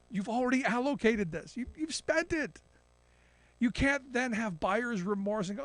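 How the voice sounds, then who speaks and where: Radio commentator, male, higher voice, mocking and animated, dry booth. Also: moderate pace, dry recording. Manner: animated, mocking imitations of politicians. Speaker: political commentator. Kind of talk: radio talk show commentary.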